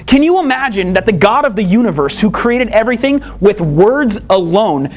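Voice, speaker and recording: A male pastor preaching a sermon with animated, emphatic storytelling. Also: high-pitched, normal speed, few pauses.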